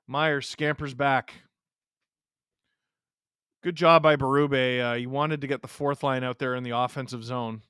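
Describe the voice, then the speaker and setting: A man hosting a live watch-along of a hockey game, excitably calling the play with sudden outbursts and muttered asides. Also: mid-range voice, measured pace, long pauses, clear, resonant tone, no echo, clean studio sound. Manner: excitable, jumps between shouting and muttering. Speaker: host.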